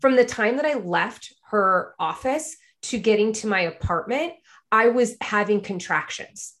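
A young adult woman chatting casually, telling a personal story with lively energy. She slips into quoted voices, at times pitching up and getting louder. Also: a little slow. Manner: animated storyteller, acts out quoted people.

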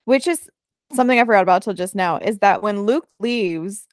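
A woman's voice: medium pitch, moderate pace, no room sound. A woman co-hosts a laid-back book podcast, musing aloud and working through her thoughts as she talks. Her voice is mid-range, and the recording is dry and close. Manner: conversational, thinking aloud with fillers. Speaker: podcast co-host. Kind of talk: casual chat about a book.

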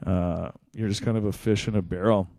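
A man hosting a casual interview, joking and swearing freely while firing off quick questions. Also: low voice, fairly even intonation, vocal fry, dark tone, no room sound, studio quality. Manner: loose, profane banter with quick questions. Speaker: podcast host.

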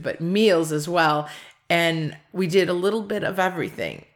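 A middle-aged American woman, a farm restaurant owner, telling stories casually in an interview. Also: sits low. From United States. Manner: animated storyteller, acts out quoted voices, laughs often.

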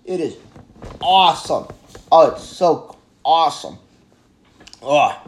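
A man reviewing a horror film in a casual, excitable, rambling way, often stumbling over his words and correcting himself. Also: fairly high pitch, slow pace.

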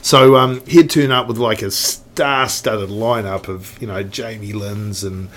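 A man's voice: on the low side, steady tone, measured pace, a bit bright. A middle-aged man with a New Zealand accent, a guest telling stories in a casual podcast chat, rambling with lots of restarts and fillers. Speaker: guest, snowboard industry veteran.

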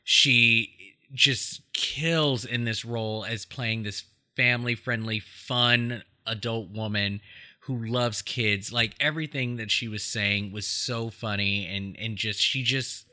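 A man's voice: mid-range voice, steady tone, takes it slowly, bright, forceful tone. A man hosting a podcast, chatting casually about a film with many fillers and frequent laughs. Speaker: podcast host.

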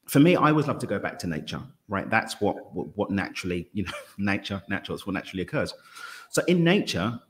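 A man's voice: fairly low pitch, very animated, fast, fairly bright tone. A man as a podcast guest, talking in an expansive, reflective way and now and then tripping over his words. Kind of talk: casual conversational interview.

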